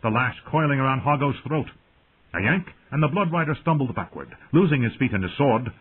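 A man reading a fantasy audiobook in a dramatic, lively narrating style over tinny phone-like audio. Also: medium pitch, fairly quick, slight background noise.

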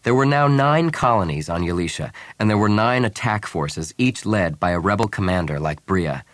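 Deep male audiobook narrator, calm and even storytelling, dry close sound. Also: normal speed, no room sound. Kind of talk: scripted narration.

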